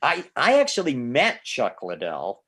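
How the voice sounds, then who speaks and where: Guy on a podcast, super lively up and down voice, rambles and cusses a lot. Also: medium pitch, measured pace, breathy edge. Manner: animated, rambling storyteller, swears freely. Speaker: podcast guest. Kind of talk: casual comedic chat.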